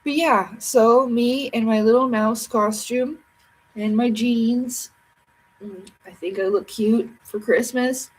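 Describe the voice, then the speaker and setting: A woman's voice: fairly high pitch, steady tone, slow pace, rough recording. A tired woman chatting playfully and ramblingly with viewers on a casual livestream.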